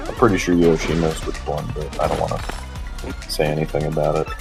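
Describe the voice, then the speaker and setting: Deep-voiced male co-commentator, chatty and quick to laugh. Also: flat delivery, gravelly, music in the background. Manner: chatty, gives game tips, laughs often. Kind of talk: casual gameplay chat.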